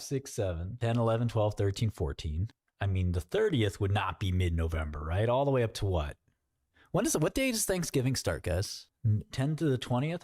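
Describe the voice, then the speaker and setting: Rambling man with a lively voice. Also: fairly low pitch, no room sound, studio quality. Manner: rambling, jokey, talks to himself and chat. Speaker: livestream host. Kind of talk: casual trading livestream chat.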